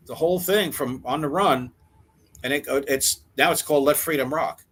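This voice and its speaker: Older male musician, interview guest; animated anecdotes, acts out other people's lines, many restarts. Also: fairly high pitch, moderate pace, breathy edge. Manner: animated storyteller who acts out quoted dialogue; frequent repeated words and restarts. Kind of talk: storytelling in a casual interview.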